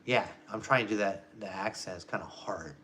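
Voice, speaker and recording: A man ranting to camera as a vlogger, profane and emphatic, swinging between loud jabs and low mutters. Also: a little fast, slight background noise.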